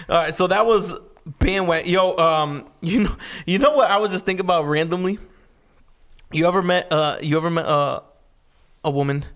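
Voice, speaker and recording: A young man with a notably high speaking voice holds court in a loose, profane podcast chat. He talks in animated bursts and laughs often. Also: moderate pace, pauses often. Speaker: podcast co-host. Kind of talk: casual chat.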